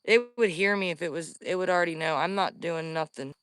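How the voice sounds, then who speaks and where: A woman vlogging from the woods on her phone, scared and breathing heavily, often dropping to a hushed whisper. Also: on the low side, brisk, clean tone, no room sound, clean studio sound. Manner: jittery, drops into hushed whispers. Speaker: paranormal vlogger. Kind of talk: live outdoor investigation vlog. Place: woods outdoors.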